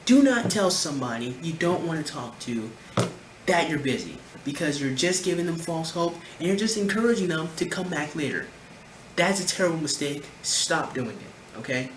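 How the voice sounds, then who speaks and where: A man's voice: a little high, expressive, moderate pace. A man giving reaction commentary in an emphatic, lecturing way, repeating his points. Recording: roomy echo, faint background noise.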